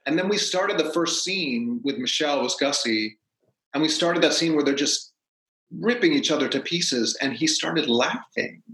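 Animated man telling stories in a roomy space. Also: fairly high pitch, normal speed. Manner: animated, acts out quotes. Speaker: guest, stage actor. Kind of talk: casual storytelling. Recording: roomy echo.

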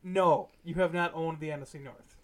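A man with a slightly high voice co-hosts a casual sports talk show. He is blunt and teasing, and he hammers his points home with emphasis. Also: steady tone, normal speed. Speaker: podcast co-host.

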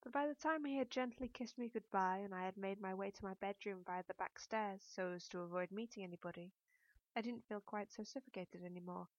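A woman's voice: mid-range voice, no echo. Woman reading a novel in first person, medium voice, dry dull-sounding mic. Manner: measured, introspective reading. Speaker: audiobook narrator. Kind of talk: first-person audiobook narration.

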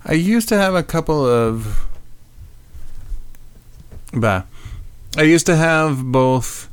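A man co-hosting a podcast, chatting casually and telling animated, swear-laced stories about his dreams. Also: mid-range voice, clear, resonant tone, no echo. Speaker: podcast co-host. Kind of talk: casual chat.

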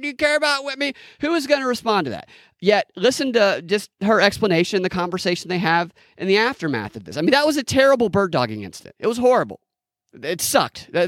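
Sarcastic man with a lively voice. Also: no echo, studio quality. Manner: sarcastic, mocking, repeats quotes in a shrill voice. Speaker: podcast host. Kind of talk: commentary over played clips.

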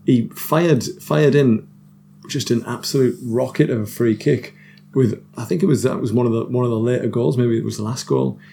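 A man's voice: medium pitch, normal speed, creaky, warm tone, a little hiss or hum. A man, chatting as a podcast guest about football, self-deprecating, laughing often and restarting his sentences. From North East England. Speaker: guest musician. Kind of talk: casual podcast chat.

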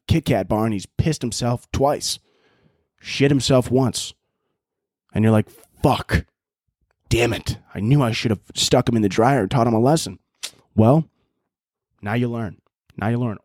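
Speaking in a warm, medium-pitched voice, a Chicago-accented man in his twenties rants and laughs through his casual solo podcast, swearing freely. The studio-quality recording has no echo.

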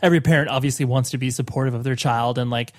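A man's voice: medium pitch, fairly even intonation, very fast, dry recording, clean studio sound. A man hosting a podcast, bantering casually and laid-back with friendly slang. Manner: laid-back, bro-ish banter, says "dude". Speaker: podcast host.

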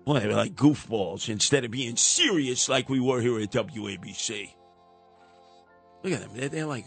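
A man's voice: mid-range voice, lively intonation, normal speed, creaky, soft background music. An older man hosting a radio talk show, rambling and wisecracking as he ribs his younger co-hosts. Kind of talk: casual talk radio banter.

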